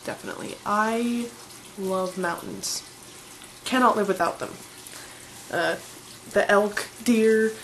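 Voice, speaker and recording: A woman's voice: mid-range voice, takes it slowly, poor audio. Rambly girl in her 20s doing a q&a vlog, gushy, faint hiss behind her. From Colorado, USA. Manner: chatty, rambling, enthusiastic. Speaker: vlogger. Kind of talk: casual vlog answering questions.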